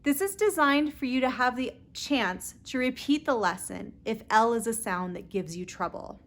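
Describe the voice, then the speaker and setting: A woman with a Southern Californian accent teaching pronunciation, repeating each word slowly and clearly. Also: on the high side, fairly bright tone. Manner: clear, deliberate word repetition. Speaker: pronunciation tutor. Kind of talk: slow pronunciation lesson.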